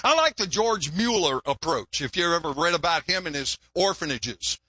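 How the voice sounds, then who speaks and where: A man's voice: on the high side, expressive, normal speed, bright, forceful tone, husky, no room sound. An older man, a longtime pastor, preaching a folksy, joking sermon and often repeating words.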